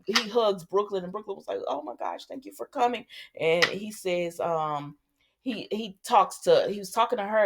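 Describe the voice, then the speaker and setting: A woman's voice: fairly low pitch, noisy background. A woman hosting a casual soap opera recap, chatty and sassy, talking back to the characters.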